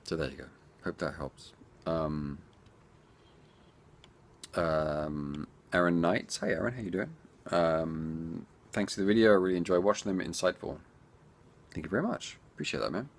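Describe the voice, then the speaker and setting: Low-voiced man in chatty viewer Q&A. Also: normal speed, long pauses. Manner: chatty and rambling, talks straight to viewers. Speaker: indie game developer answering viewer questions. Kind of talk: casual Q&A chat.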